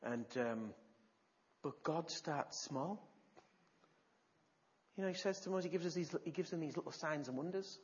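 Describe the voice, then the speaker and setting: A preacher delivering an animated sermon, retelling stories with gasps and shifts in loudness. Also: male voice, a little high, moderate pace, pauses often, dull audio.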